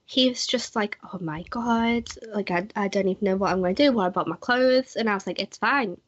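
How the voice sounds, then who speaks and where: A woman's voice: mid-range voice, brisk, no echo. A young woman, co-hosting a podcast and chatting, often acting out quoted dialogue. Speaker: podcast co-host. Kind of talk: casual chat, trip storytelling. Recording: dry, slightly muffled podcast audio.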